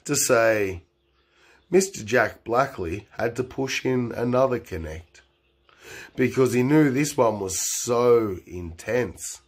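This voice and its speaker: A man telling a meandering improvised story, full of fillers, swinging between loud bursts and low murmurs. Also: slow pace.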